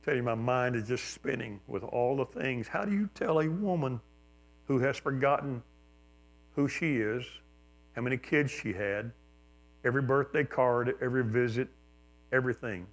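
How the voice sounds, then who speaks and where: An older man, a pastor, telling a personal story in a sermon, reflective and plain-spoken with gentle humor. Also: mid-range voice, normal speed.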